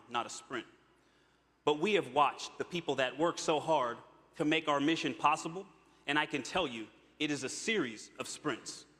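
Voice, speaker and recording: Bright-voiced man speaking in a hall. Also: a little high. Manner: upbeat, earnest speech with laughs. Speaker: astronaut. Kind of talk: public speech. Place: large hall with audience. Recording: long hall reverb.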